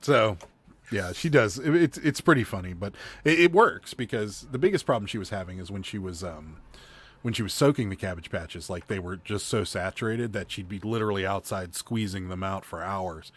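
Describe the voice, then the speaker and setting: A man's voice: lowish voice, normal speed, fairly bright tone, husky. A man hosting a casual reseller livestream, rambling through stories and laughing often. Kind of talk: casual chat.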